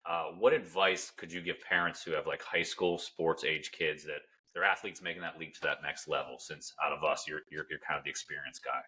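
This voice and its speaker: A man hosting a podcast who asks a guest a question quietly, his voice trailing off. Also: rumbling low, steady tone, fairly quick, hardly any pauses, slightly rough. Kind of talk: interview question.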